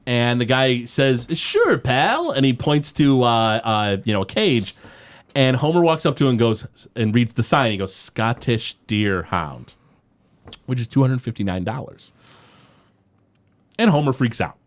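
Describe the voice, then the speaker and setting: A man's voice: medium pitch, measured pace. A man co-hosting a podcast, recapping a cartoon episode in casual chat and acting out the quotes as he goes. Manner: animated storytelling, acts out quotes in exaggerated voices. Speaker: podcast co-host.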